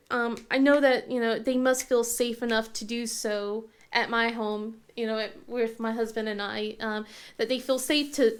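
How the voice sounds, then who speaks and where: A woman in her thirties chatting casually as a crafting channel host, rambling and halting with lots of fillers and restarts. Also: a little high. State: tearful at times. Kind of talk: casual chat.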